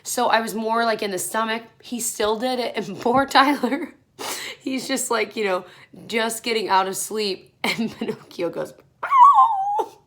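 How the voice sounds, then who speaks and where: A woman's voice: a little high, normal speed, fairly bright tone. A young woman in her twenties talks casually to her camera while getting ready in a small room at home. She sounds tired and rambles from one thought to the next, with frequent laughs mixed into her chat. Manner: chatty and rambling, laughs often. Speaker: beauty vlogger.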